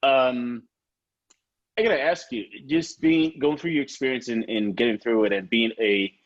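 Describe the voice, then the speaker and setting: A man with a Nigerian accent hosting a casual podcast interview, relaxed and friendly as he asks questions. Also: mid-range voice, normal speed, dry recording, dull audio. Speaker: podcast host.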